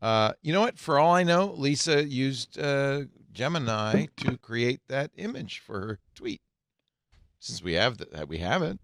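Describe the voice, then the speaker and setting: A man's voice: medium pitch, big pitch swings, a little slow, vocal fry, a bit bright, no echo, studio quality. An older man hosting a casual tech podcast, reading headlines aloud and adding joking asides. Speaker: podcast host.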